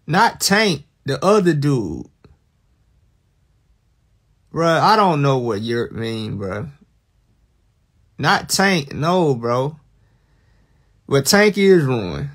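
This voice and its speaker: A young man, talking casually and teasingly to viewers on a livestream. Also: medium pitch. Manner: teasing, animated, drawn-out bursts of mock alarm. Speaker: livestream host.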